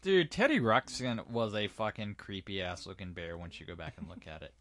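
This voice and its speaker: A man's voice: sits low, expressive, fairly quick, a bit bright. A man co-hosting a podcast in casual chat, who swears freely and riffs in a rambling way. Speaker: podcast co-host.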